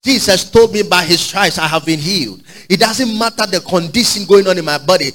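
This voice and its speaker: Fervent preacher man, high and bright. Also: a little fast, rough recording. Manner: fervent, call-and-response, swings from shouting to quiet. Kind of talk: sermon.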